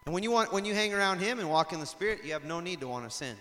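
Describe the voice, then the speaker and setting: A man preaching a sermon in a lively storytelling way, rising to loud emphatic passages. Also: sits high, rapid-fire. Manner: animated storytelling, acts out shouts and laughs. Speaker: pastor. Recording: long hall reverb.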